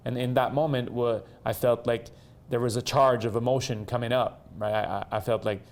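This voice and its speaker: A man whose first language is French, speaking haltingly with many restarts as he reflects in a conversation with his partner. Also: mid-range voice, steady tone. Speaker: co-host.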